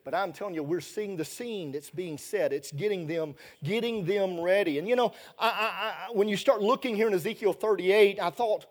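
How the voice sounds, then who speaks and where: High-voiced evangelist preaching. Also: male voice, normal speed, hardly any pauses. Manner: colloquial, rising loud then dropping low. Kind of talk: sermon.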